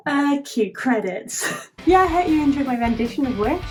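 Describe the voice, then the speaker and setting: A woman's voice: high-pitched, expressive, moderate pace, a little mellow, soft background music. Chatty woman vlogger, lots of "like". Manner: chatty, heavy use of filler "like", giggly. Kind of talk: casual retelling of a rewritten film plot.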